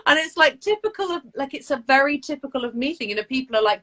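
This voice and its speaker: A woman, an actress, chatting casually on a live video call, animated and laughing as she tells stories about herself. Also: high-pitched, quick pace. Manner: animated, laughing, self-deprecating storytelling. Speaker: actress guest.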